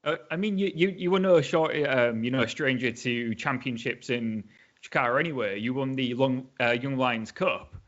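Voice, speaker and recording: A man's voice: medium pitch, moderate pace. A man hosting a podcast, chatting casually and a bit hesitantly with ums, over a video call. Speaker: podcast host. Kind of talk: casual interview chat. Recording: dull lo-fi sound.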